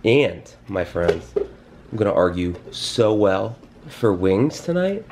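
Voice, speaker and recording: A man's voice: lowish voice, very animated, takes it slowly, darkish tone, slight background noise. A young man casually vlogging about his day, joking and teasing himself. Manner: jokey, self-mocking, playful with his toddler. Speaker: vlogger and dad. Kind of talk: casual vlog chat.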